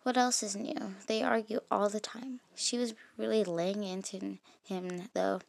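A woman reading an interactive story game aloud as its heroine, in an expressive, dramatic way. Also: medium pitch, a little slow, creaky, hardly any pauses, no room sound. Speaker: game player voicing the protagonist.

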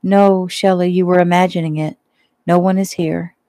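A calm, gentle young man soothes someone in a low, steady voice, as a woman reading a novel gives him his lines. The voice is mellow and dark, with a dry, close sound. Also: moderate pace, no room sound, natural voice. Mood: soothing. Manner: soothing and even.

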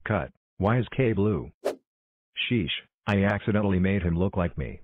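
Exclamatory man narrating homemade bloopers, low voice, muffled lo-fi audio. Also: lively intonation, background noise. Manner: exclamatory, hurried, calling cuts and takes. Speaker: creator directing a logo blooper video. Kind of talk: scripted fan cartoon narration.

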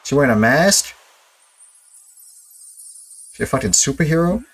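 Very deep-voiced woman cracking jokes. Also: lively intonation, measured pace, slightly rough. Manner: blunt, profane, joking reactions. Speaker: streamer. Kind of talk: let's play commentary. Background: game audio.

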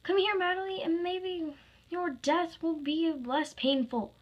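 A woman voicing a menacing male golden animatronic bear who hisses in whispers and yells. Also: a little high, expressive, slow pace, vocal fry, slightly rough, muffled recording, heavily acted. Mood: furious. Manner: hissing whispers, then yelling.

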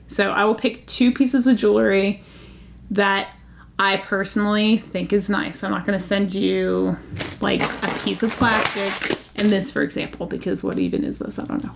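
Gravelly-voiced chatty woman. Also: mid-range voice, moderate pace. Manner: chatty, easily excited, gasping over finds. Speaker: jewelry channel host. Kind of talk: casual vlog chat.

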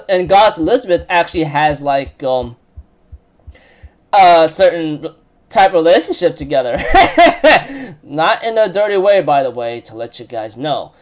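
A man with a notably high-pitched voice talks through a casual recap. He rambles, leans on fillers and often breaks into laughter. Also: big pitch swings, measured pace. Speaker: recap host.

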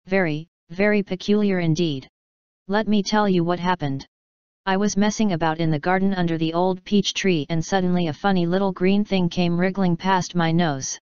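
A woman's voice: fairly low pitch, fairly even intonation, normal speed, clean tone, no room sound, lo-fi sound, natural voice. A woman reading the part of a boastful, teasing male centipede who crows and grins at everyone. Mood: gleeful boasting. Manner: loud, crowing, teasing.

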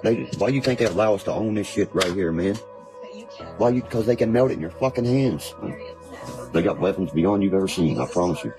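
A man's voice: sits low, expressive, fairly quick, poor audio. A man from Virginia, rambling in casual chat, cursing freely and spinning conspiracy talk. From West Virginia. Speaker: guest. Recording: background music playing.

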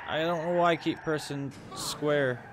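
A man's voice: a little high, measured pace, noisy background. A young man casually commenting to himself as he plays a game on a live stream, laid-back and swearing now and then. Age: young adult. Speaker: streamer playing a video game.

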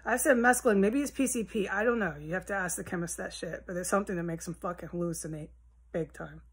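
A woman's voice: on the low side, quick pace, slightly rough. A woman vlogging from her house in a rambling, agitated monologue, swearing often and jumping between topics. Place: at home in a house.

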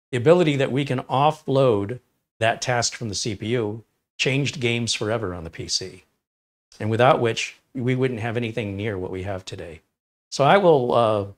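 A man hosting a live tech stream, reading viewer chat and giving opinionated, enthusiastic answers. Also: lowish voice. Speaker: livestream tech host.

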